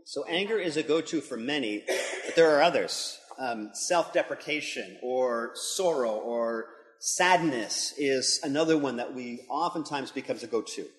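Unhurried and expressive, this medium-pitched middle-aged man, a pastor and school leader, delivers an earnest devotional that grows to an emphatic pitch. A long reverb from the hall surrounds his words.

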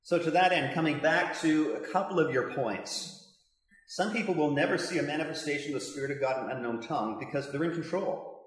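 An older male pastor teaches from the Bible with passion and a conversational touch, tossing in asides to his listeners. His voice runs on the high side and his delivery is brisk. The recording carries a very echoey hall reverb.

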